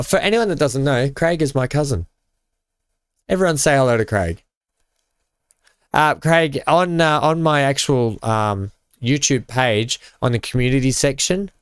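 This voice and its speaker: Male streamer, smooth clear voice, dry close mic, chatty with chat. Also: mid-range voice, no echo. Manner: chatty, reads chat aloud and greets viewers with many fillers. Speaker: live-streaming gamer. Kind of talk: casual live-stream commentary while building.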